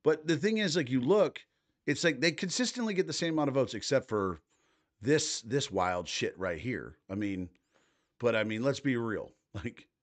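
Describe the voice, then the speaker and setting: A man's voice: medium pitch, lively intonation, moderate pace. Guy in his 30s doing a reaction stream, swears a ton, voice jumps all over. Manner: profane, reacting to posts and clips. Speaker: livestream host. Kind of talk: casual live commentary.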